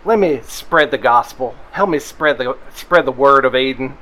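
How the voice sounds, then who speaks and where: A man's voice: medium pitch, normal speed, bright, forceful tone, close to an everyday voice, low-quality recording. A man playing a grandiose male preacher and orator with a revival-preacher cadence. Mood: preachy. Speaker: player.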